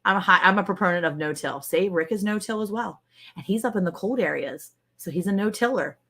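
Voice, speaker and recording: A woman's voice: mid-range voice, a little fast. Chatty laughing woman hosting a livestream. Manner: chatty, animated, laughs often. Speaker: livestream co-host. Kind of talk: casual livestream chat.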